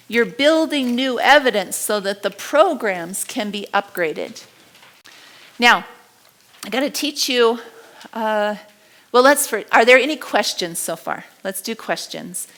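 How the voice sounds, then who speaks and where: A middle-aged woman teaching a live body language class, animated and acting out what people say. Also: medium pitch. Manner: animated, acts out quotes and gestures.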